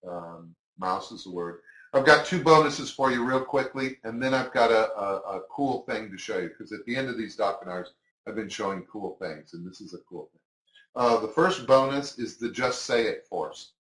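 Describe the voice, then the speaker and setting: A man's voice: lowish voice, fairly bright tone, reverberant, rough recording. A man teaching magic tricks in a casual, chatty way, acting out his patter to imagined spectators. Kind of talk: instructional talk to camera.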